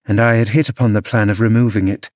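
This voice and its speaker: A man narrating a classic novel as an audiobook, measured storytelling delivery. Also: on the low side, steady tone, darkish tone, dry recording, studio quality. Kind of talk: scripted narration.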